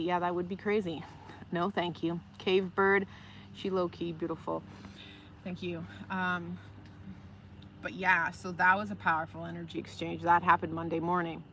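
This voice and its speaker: A woman hosting a live stream, telling stories in a casual, animated way and reading out viewer comments. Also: lowish voice, normal speed, a little hiss or hum. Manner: animated, chatty, reads viewer comments aloud. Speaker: livestream host.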